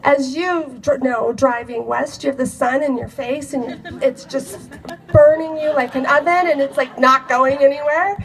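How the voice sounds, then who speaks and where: A woman telling a personal story to an audience in an animated, expressive way. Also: sits high, unhurried, distant mic, poor audio. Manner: animated, expressive, acts out quoted dialogue with laughs. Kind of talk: personal anecdote told to a live audience.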